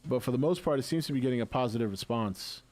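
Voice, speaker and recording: A man's voice: mid-range voice, fast, darkish tone. A middle-aged man hosting a casual live stream, chatty and laughing often, with many restarts.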